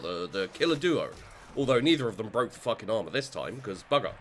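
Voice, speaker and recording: Lively man narrating his own gameplay. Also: lowish voice, brisk, a little hiss or hum. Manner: animated, swears freely, thinks aloud. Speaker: gaming channel host. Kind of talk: let's play commentary.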